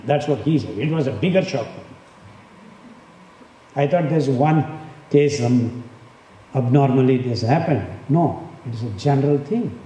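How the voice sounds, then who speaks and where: An older man, pressing his points hard and repeating words for emphasis. His voice is mellow and low-toned. It rings through a large, echoing hall. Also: lively intonation, a little slow, long pauses. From India. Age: 60s. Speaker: speaker on diet and health. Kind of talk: impassioned talk. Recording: echoey hall, faint background noise.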